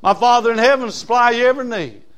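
A man preaching a sermon as pastor, folksy, swinging from loud emphasis to low asides. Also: rapid-fire.

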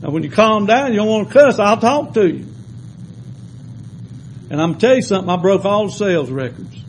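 A man preaching a sermon in a folksy storytelling way, shifting between loud exhortation and quiet asides. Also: high-pitched, animated, fairly quick, slight background noise, rough recording.

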